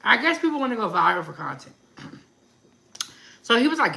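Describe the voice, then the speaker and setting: A woman hosting her food channel, chatting casually about celebrity gossip in an animated, opinionated way with asides to her viewers. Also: on the low side, a little fast, low-quality recording.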